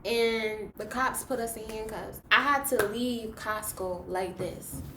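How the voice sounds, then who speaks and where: A young woman vlogger telling a story in a casual, animated way, her voice jumping from soft to loud as she relives it. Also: on the high side, takes it slowly, background noise. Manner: animated, dramatic retelling with big swings in loudness. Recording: roomy echo.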